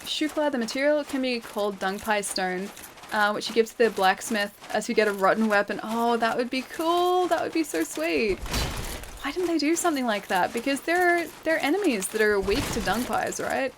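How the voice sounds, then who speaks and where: Australian woman game streamer, chatty and quick to laugh, on a noisy recording. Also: fairly high pitch. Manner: chatty, laughs often, thanks viewers while playing. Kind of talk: live gameplay commentary. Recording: steady background noise.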